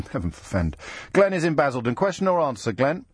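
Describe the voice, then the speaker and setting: A man hosting a radio phone-in, quick and teasing with his callers. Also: on the high side, very animated, breathy edge, no echo. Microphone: studio microphone.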